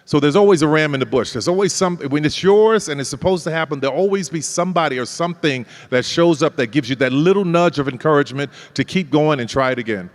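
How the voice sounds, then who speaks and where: A man telling his life story as a guest in an interview, animated, acting out other people's lines and laughing often. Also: fairly high pitch, quick pace, hardly any pauses, big-room sound.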